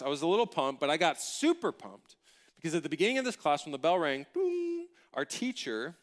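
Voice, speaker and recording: A man preaching a sermon, telling a personal story in an animated, humorous, conversational way. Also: on the high side, smooth. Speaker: pastor.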